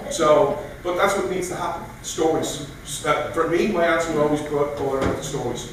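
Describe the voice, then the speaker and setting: A man giving an animated speech at a political meeting, telling stories and acting out quoted voices. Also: a little high, normal speed, background noise. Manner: animated, storytelling with mock voices. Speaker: guest speaker. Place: meeting room. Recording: echoey room from far off.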